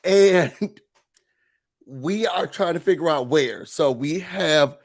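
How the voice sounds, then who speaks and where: Man, deadpan comic host, slow and slightly high. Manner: deadpan, faux-serious, with mock-emotional breaks. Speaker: host of a mock office meeting. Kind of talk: comedic mock corporate briefing.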